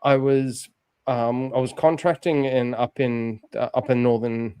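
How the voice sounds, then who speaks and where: A man's voice: mid-range voice, steady tone, unhurried, a little mellow, clean tone, no echo. A man from Australia, a guest chatting casually and rambling through side stories. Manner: rambling storyteller, many fillers and restarts. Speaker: guest streamer. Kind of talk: casual chat.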